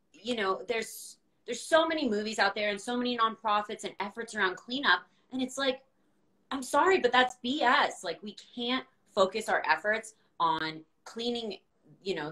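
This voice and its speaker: Bright-voiced candid young woman on a video call. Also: medium pitch, rough recording. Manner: candid, animated, laughs often, blunt. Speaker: guest, founder of a reusable straw company. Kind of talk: casual video-call chat.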